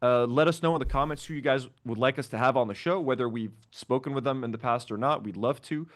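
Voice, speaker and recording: Brief: easygoing male co-host, mid-pitch, casual live-stream banter, home mic on a call. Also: fast. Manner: laid-back, laughs often, thanks donors one by one. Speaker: podcast co-host reading donations.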